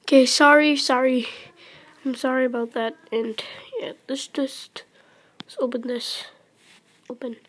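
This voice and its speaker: A nervous teenage girl commenting on her own gameplay, apologizing and giggling, with sudden excited outbursts while she plays, recorded on a phone. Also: sits high, moderate pace, pauses often. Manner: excited outbursts during play. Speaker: gamer.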